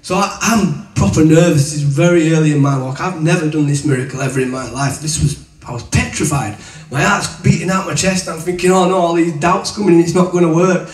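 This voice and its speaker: A man's voice: fairly high pitch, fairly quick, far from the mic. A man gives a chatty, colloquial testimony and teaching as a preacher before a room of people. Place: room with an audience. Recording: echoey room, voice from away from the mic.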